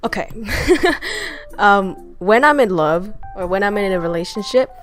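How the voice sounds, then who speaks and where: A woman streamer answering viewer questions in a casual chat, frank and crude in her joking and quick to laugh. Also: medium pitch, sing-song, soft background music. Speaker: VTuber streamer.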